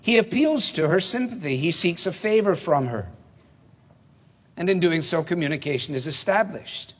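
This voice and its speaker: A man preaching an expository sermon, measured and emphatic, posing rhetorical questions. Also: fairly high pitch, lively intonation. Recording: reverberant hall.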